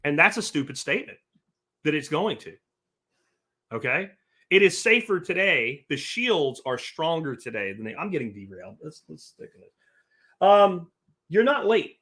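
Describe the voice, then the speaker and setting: A man's voice: fairly high pitch, big pitch swings, moderate pace, pauses often, pushed and bright, slightly rough. A man hosting a livestream podcast, reading chat comments aloud and answering them in a blunt, profane rant. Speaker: podcast host.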